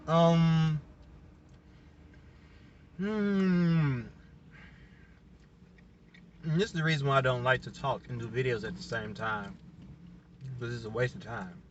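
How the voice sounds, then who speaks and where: A man's voice: a little high, fairly bright tone, dull audio. A man casually reviewing a reality show on his vlog, rambling, laughing often and openly emotional.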